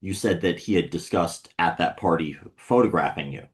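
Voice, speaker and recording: A male interviewer with a deep voice asks calm, sympathetic follow-up questions. He speaks gently and keeps the conversation moving. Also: normal speed.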